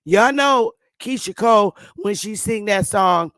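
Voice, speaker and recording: A woman hosting her own channel, chatting to viewers in a loose, profane way, laughing often and stammering when she gets excited. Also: mid-range voice, measured pace, no room sound, clean studio sound. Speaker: channel host. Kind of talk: casual commentary to viewers.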